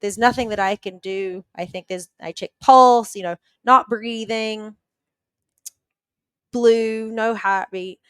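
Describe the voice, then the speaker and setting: Smooth-voiced woman telling a vivid story. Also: medium pitch, steady tone, no echo. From New Zealand. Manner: vivid, earnest retelling with quick restarts. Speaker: podcast guest. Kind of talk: personal storytelling in a podcast interview.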